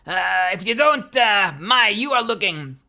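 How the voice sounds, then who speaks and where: A woman voicing a rowdy, gleefully menacing cannibal goblin in a shouty put-on accent, hollering invitations. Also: medium pitch, animated, unhurried, gravelly, voice pushed up, exaggerated voice.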